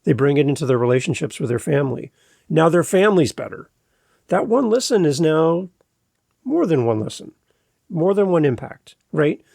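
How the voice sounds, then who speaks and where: Male podcast host, gravelly and husky, motivational storyteller, dry close sound. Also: a little high, normal speed, no echo. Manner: energetic, motivational, tells stories. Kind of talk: casual podcast conversation.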